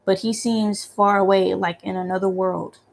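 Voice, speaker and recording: A woman reads as a young man who narrates his eerie quest through a horror game. His delivery is quiet and descriptive. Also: medium pitch, flat delivery, normal speed, creaky, lightly acted. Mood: uneasy. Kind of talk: reading game narration aloud.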